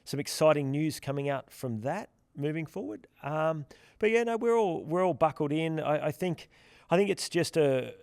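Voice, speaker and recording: A man's voice: a little high, lively intonation, normal speed, creaky, a little mellow, clear, resonant tone, no echo. A man co-hosting a podcast in casual chat, rambling with many restarts and fillers. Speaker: podcast co-host from the platform's team.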